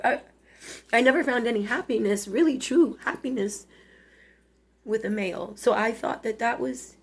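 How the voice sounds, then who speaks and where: A woman in her forties talking to camera in a personal confessional monologue, emotional and tearful, halting and restarting often. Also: fairly high pitch, breathy edge. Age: 40s. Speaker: vlogger.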